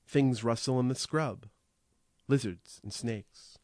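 A man narrating a first-person audiobook in a measured, reflective way, slowing on vivid images. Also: mid-range voice, a little mellow, no echo, studio quality.

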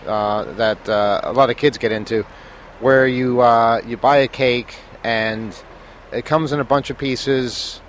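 At a measured pace and with fairly even intonation, a medium-pitched man co-hosts a casual, joking chat. He sits on a hotel balcony above a busy street, traffic audible, laughing frequently as he talks.

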